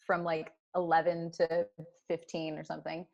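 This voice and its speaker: A woman's voice: low voice, monotone, moderate pace, creaky, a little mellow, dull audio. A young woman chats as a podcast guest. Her talk is loose and friendly, full of fillers, with frequent laughter. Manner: chatty, laughs often, filler-heavy. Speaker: guest actor and director. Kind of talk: casual podcast chat.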